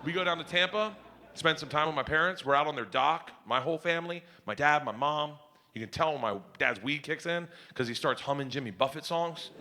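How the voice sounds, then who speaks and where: A middle-aged man telling a stand-up comedy story in a loud, animated, brash way. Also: on the high side, brisk.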